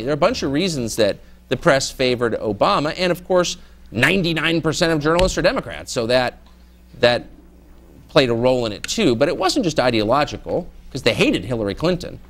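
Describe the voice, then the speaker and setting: A man's voice: medium pitch, slight background noise. A middle-aged man, a journalist guest, answering student questions in a candid, sardonic way and mimicking people in mock voices. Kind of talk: candid audience Q&A.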